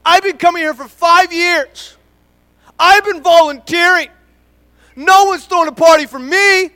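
A man's voice: very high-pitched, measured pace, pushed and bright, pitched above the performer's own voice, full character voice. A man preaching, imitating an entitled longtime church member who whines about being overlooked. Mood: aggrieved. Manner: whiny, aggrieved listing of complaints.

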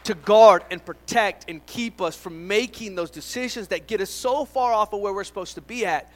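A man's voice: high voice, normal speed, a bit bright, rough recording. A man preaching a sermon as pastor, earnest and emphatic, driving points home with repetition.

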